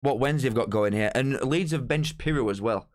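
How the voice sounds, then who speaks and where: Excitable lad hosting a live stream. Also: male voice, mid-range voice, a little fast. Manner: excitable, bantering, talks straight to chat. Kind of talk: casual live-stream chat.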